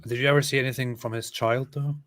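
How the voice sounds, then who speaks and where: A man's voice: mid-range voice, steady tone, quick pace, fairly bright tone, no echo. A man co-hosting a casual livestream, joking and reading viewer comments aloud. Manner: joking, reads comments aloud, laughs often.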